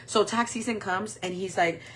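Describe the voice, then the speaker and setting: Slight background noise sits behind a woman in her forties, a makeup vlogger, talking at normal speed in a medium pitch. She tells a personal story frankly, wandering as she goes and filling it with "like" and "um."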